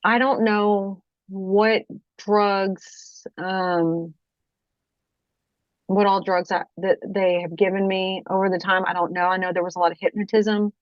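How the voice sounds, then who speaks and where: Woman guest, mid-pitched, halting testimony with constant restarts and check-ins, dry slightly dull recording. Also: flat delivery, dry recording. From Kentucky, USA. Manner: halting, frequent restarts, keeps checking with "okay?". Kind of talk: personal testimony in interview.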